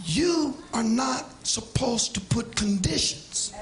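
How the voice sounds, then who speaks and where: A man preaching a sermon with passion, swinging from shouts down to quiet asides. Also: sits high, animated, unhurried, reverberant. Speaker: pastor. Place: church sanctuary.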